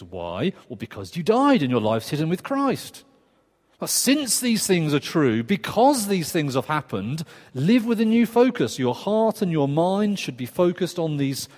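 A man preaching a sermon in a conversational, earnest way, with quick asides and restarts. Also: high voice, darkish tone. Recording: long reverb of a church hall.

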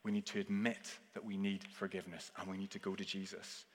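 A man preaching a sermon earnestly, swinging between forceful emphasis and hushed, intense passages. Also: low-pitched, little pitch movement, a little fast. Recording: long reverb of a large hall.

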